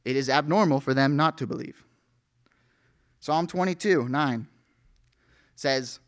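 A man's voice: medium pitch, measured pace, long pauses. A male pastor preaching an earnest sermon, reading scripture aloud with rising emphasis.

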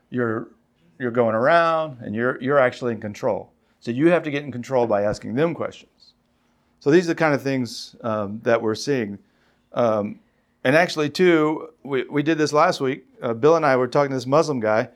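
A man preaching in a conversational, storytelling way, rising in pitch when he reads scripture. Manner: conversational, tells stories, rises when reading scripture. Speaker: pastor. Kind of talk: sermon.

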